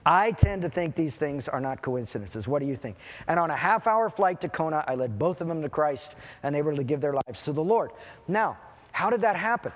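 A man preaching a sermon, telling a lively personal story and acting out the dialogue in different voices. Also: a little high, fairly quick. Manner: animated, acts out dialogue in quoted voices. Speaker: pastor. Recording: hall reverb.

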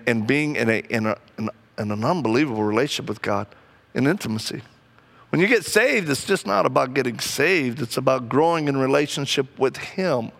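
A man preaching a sermon, telling personal stories and acting out the people in them with lively, animated delivery. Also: mid-range voice, gravelly. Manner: animated, acts out quoted people, laughs often.

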